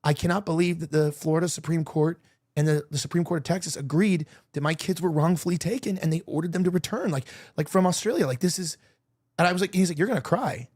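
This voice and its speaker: Guy host rambling on, kinda high voice, restarts a lot, edgy jokes. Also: fast, darkish tone. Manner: rambling, emotional, with many restarts; provocative joking. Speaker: podcast host. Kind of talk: casual opinion chat.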